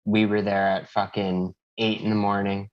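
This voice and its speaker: A man's voice: on the low side, little pitch movement, moderate pace. A young man co-hosting a podcast in casual chat, laid-back and often adding "you know what I mean". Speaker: podcast co-host. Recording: dull lo-fi podcast audio.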